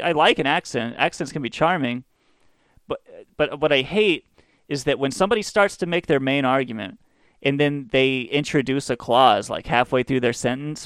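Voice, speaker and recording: A male radio host rambles through crude, sardonic anecdotes. His voice sits a bit high and sounds smooth and resonant. It is recorded close and dry, with no room sound. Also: dry recording. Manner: profane, sardonic rambling storyteller. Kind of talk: casual monologue.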